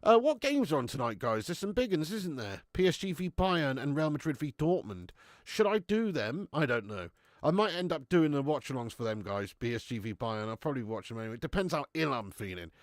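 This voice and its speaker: A man's voice: mid-range voice, sing-song, fairly quick, dry recording, clean studio sound. A young man, chatty and laughing as he hosts a live stream and reads out comments, a bit under the weather with a cold. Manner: chatty, laughing, slangy banter. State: has a cold. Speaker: livestream host. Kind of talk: casual live-stream chat reading comments. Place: home garage.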